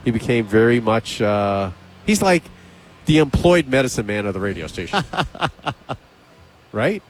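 Radio guy telling a work story on air, animated, does the other people's lines. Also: lowish voice, measured pace, a little hiss or hum. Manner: animated, acts out both sides of conversations. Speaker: radio show host. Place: radio studio.

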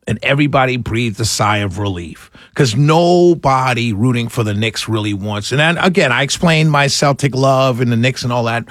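A man's voice: medium pitch, animated, moderate pace, hardly any pauses, a bit bright, dry recording, clean studio sound. A man from New York City, hosting a casual monologue and chatting through a story with lots of fillers and restarts.

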